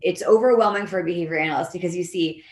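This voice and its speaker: A woman, a leadership coach and behavior analyst, explaining her method as an interview guest in an animated way. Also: lowish voice, rapid-fire, reverberant. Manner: animated, acts out quoted voices of employees and leaders.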